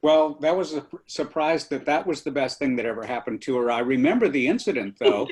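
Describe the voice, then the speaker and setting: A man's voice: mid-range voice, lively intonation, fairly quick, a little mellow, husky. A man, a former host father, chatting casually and fondly at a meeting, with plenty of fillers.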